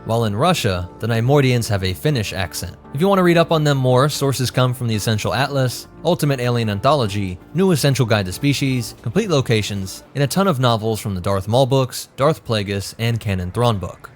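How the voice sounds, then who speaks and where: A man hosting a lore channel, giving brisk, informative scripted narration. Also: mid-range voice, expressive, soft background music.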